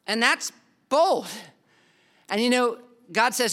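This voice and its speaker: A man's voice: extremely high pitch, moderate pace, long pauses, bright, forceful tone, clear, resonant tone. A man preaching a sermon as pastor, earnest and emphatic, acting out the people in the story.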